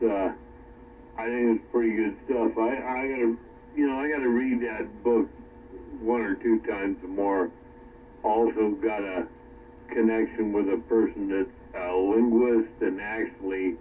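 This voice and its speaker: A man chatting casually from his workshop, rambling and halting with plenty of fillers. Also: on the low side. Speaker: radio chat participant. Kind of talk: casual chat. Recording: distant, phone-like radio with faint noise.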